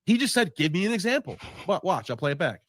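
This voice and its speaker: A man reacting to a call he was on, animated and exasperated, replaying clips. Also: sits high, quick pace, no echo. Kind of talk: casual reaction chat.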